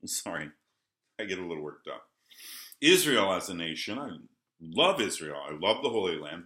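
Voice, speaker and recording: A man talks very slowly in a bright, edgy tone, caught in a roomy, echoing space. He rambles through an early-morning monologue, dropping to quiet mutters and then flaring into loud, angry bursts. He swears often and keeps apologizing for getting worked up. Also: low voice, sing-song. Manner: swings from muttering to heated outbursts, apologizes, swears. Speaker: vlogger. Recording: roomy echo.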